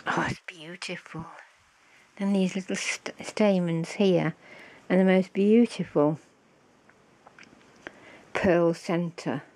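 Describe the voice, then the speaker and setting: A woman, slow and fond, showing off a handmade craft gift on her vlog and gasping with delight. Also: fairly low pitch, fairly even intonation, mellow. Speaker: crafting vlogger. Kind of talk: casual show-and-tell of a craft gift.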